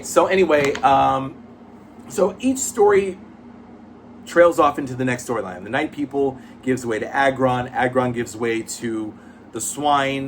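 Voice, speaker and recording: A man's voice: mid-range voice, slight background noise. A man reviewing comic books in casual chat, blunt, profane and rambling with many fillers.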